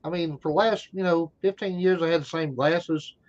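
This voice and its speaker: A man in his thirties co-hosting a casual livestream talk show, loud and joking with heavy swearing and Southern slang like y'all. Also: fairly high pitch, fairly even intonation, normal speed. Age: 30s. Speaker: co-host. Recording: dull lo-fi stream audio.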